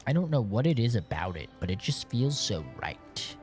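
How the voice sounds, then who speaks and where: A man's voice: mid-range voice, sing-song, moderate pace, few pauses, a little mellow, soft background music. Jokey man streaming a game. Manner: jokey, playful, swearing. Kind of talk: live gameplay commentary.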